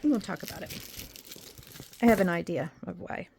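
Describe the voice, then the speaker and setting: A woman's voice: fairly low pitch, normal speed, creaky, a little mellow, slight background noise. A young adult woman vlogging casually to her viewers, rambling and emotional as she drifts between topics. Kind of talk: casual chat to camera.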